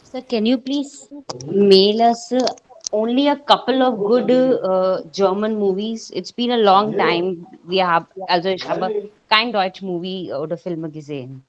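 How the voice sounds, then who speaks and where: A woman speaks up as a student in an online class, polite and a little hesitant, with pauses as she finds her words. Her voice sits at an ordinary middle pitch. It arrives through dull, lo-fi video-call audio. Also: a crowd in the background. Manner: polite, hesitant, addresses the teacher as sir. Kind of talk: class discussion.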